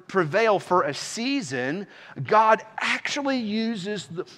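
A man's voice: high-pitched, a bit bright, big-room sound. A man preaching an earnest sermon as pastor, rising into impassioned pleas.

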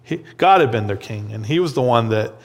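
A man teaching a Bible lesson in an easy, talky way. He keeps asking "right?" and "okay?" and doubles words as he goes. His voice sits at an ordinary middle pitch and trails a long reverb, like in a big hall. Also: animated, brisk. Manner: conversational, checks in with "okay?" and "right?"; repeats words while thinking.

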